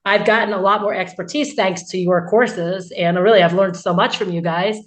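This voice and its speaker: A woman's voice: medium pitch, steady tone, normal speed. A woman hosting a podcast, asking questions in a chatty, casual way with frequent fillers. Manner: chatty, asks questions with many likes. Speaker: podcast host and clinician. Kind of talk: casual interview chat.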